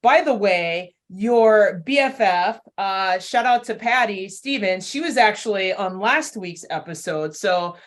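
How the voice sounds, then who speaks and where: A woman's voice: mid-range voice, lively intonation, a little slow, few pauses. A woman hosting a casual interview, upbeat and encouraging, often laughing along with her guest. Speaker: podcast host, fitness studio owner.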